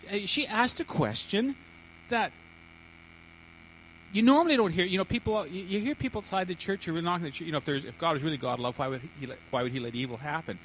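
Halting man preaching a sermon. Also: on the high side, a bit bright, slight background noise, low-quality recording. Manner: halting, repeats words and restarts often.

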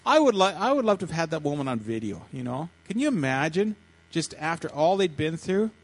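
A man preaching a sermon, retelling a story in lively, animated fashion and acting out the voices with frequent restarts. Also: a little high, brisk, rough recording. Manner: animated, acts out voices in quotes, many restarts. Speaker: pastor.

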